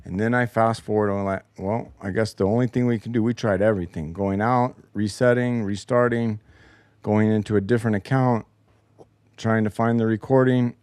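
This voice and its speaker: A man's voice: fairly low pitch, steady tone, moderate pace, darkish tone, clean tone, dry recording. A man hosting a casual solo show, telling a profane, exasperated story about a broken game recording. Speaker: podcast host. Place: home basement.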